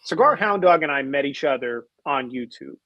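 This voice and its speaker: A man's voice: mid-range voice, animated, normal speed, sharp tone, dry recording, muffled recording. Blunt, brash man in casual talk. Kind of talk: casual chat.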